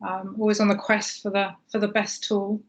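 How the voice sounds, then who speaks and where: A woman's voice: mid-range voice, monotone, moderate pace. A woman hosting a webinar over a video call, friendly and easygoing. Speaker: webinar host. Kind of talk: casual hosting chat. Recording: dull lo-fi sound.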